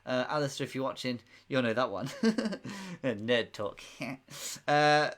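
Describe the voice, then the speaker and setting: A man's voice: medium pitch, expressive, slow pace, a bit bright. A man hosting a casual live quiz stream, chatty and rambling, often laughing. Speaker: quiz host.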